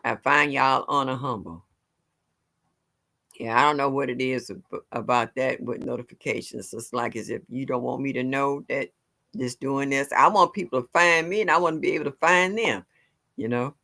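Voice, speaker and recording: A woman's voice: rumbling low, normal speed, vocal fry, pushed and bright. A woman hosting a livestream, chatting casually with her viewers and laughing often. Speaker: livestream host. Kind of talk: casual chat with live viewers.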